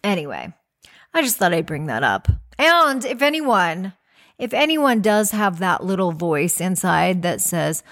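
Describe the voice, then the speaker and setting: A woman's voice: mid-range voice, lively intonation, a little slow. Chatty encouraging woman podcast host. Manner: chatty, encouraging, restarts a lot. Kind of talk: casual monologue.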